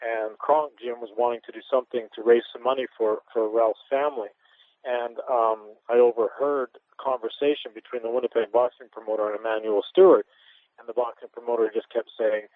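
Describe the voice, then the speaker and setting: A man's voice: mid-range voice, little pitch movement, fairly quick, no room sound. A man who is a retired pro boxer, telling candid anecdotes in an interview, rambling with restarts and chuckles. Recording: tinny phone-line radio audio.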